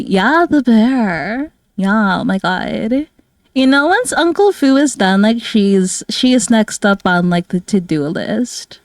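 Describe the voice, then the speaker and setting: A woman's voice: mid-range voice, no room sound, studio quality. A young woman streamer chatting casually while she draws, bubbly and giggly. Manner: bubbly, giggly, full of "like" and "oh my God". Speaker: streamer and artist. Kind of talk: casual chat while drawing.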